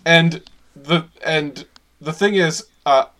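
A man's voice: fairly high pitch, slow pace, a crowd in the background. A man co-hosting a casual podcast chat, laughing often and talking animatedly. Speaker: podcast co-host.

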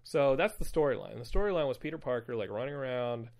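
Gravelly, rambling male podcast host. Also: medium pitch, expressive, quick pace, darkish tone. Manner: rambling, profane, loose with fillers. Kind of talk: casual comic book recap.

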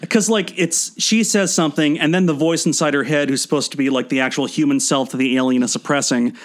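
A man's voice: fairly high pitch, steady tone, fast talker. A man co-hosting a podcast, riffing on a film in a wry, rambling way. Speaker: podcast co-host. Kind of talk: casual film commentary.

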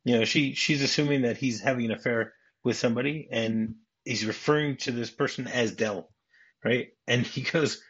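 Husky man recounting a film script. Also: mid-range voice, a little fast, fairly bright tone. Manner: rambling, with frequent restarts, acting out quoted lines. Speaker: podcast guest. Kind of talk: casual podcast chat recounting a film script. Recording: dull lo-fi podcast audio.

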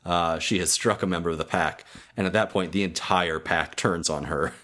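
A man casually retelling a cartoon episode on a podcast, halting with many restarts and fillers. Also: sits low, steady tone, fairly bright tone. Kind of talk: casual chat.

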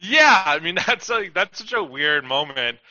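A man co-hosting a casual chat, halting and leaning on "like", on a dull lo-fi mic. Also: sits high, very animated, bright, forceful tone, dry recording. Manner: halting, heavy use of "like". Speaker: podcast co-host.

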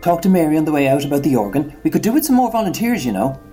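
A man's voice: fairly high pitch, sing-song, rapid-fire, mellow, soft background music. A man playing a genial older parish priest with a mild, wheedling manner. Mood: gently coaxing. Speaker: priest in a sketch.

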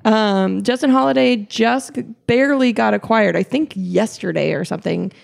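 A woman's voice: medium pitch, moderate pace, vocal fry. A young woman co-hosting a podcast, chatting casually about a basketball game, with lots of fillers, restarts and giggles. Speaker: podcast co-host.

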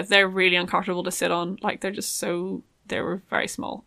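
A woman's voice: fairly low pitch, little pitch movement, fairly quick, gravelly, pushed and bright, no room sound, clean studio sound. A young woman chatting casually about making her own clothes, rambling with many ums and likes. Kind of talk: casual chat.

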